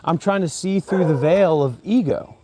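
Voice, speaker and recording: A man's voice: on the high side, moderate pace, noisy background. A man who is a former Buddhist monk, talking to camera outdoors in a graveyard. He rambles and preaches, repeating phrases over and over.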